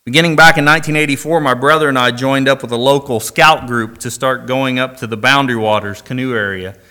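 A man's voice: medium pitch, steady tone, a little fast, pushed and bright, clean tone. A middle-aged man from Indiana preaching a sermon, reading scripture and then telling a personal story with dry humor. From Indiana, USA.

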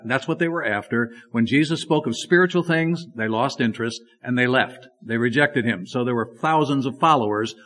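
A man's voice: mid-range voice, fairly bright tone. Guy preaching a bible sermon, emphatic, keeps asking rhetorical questions.

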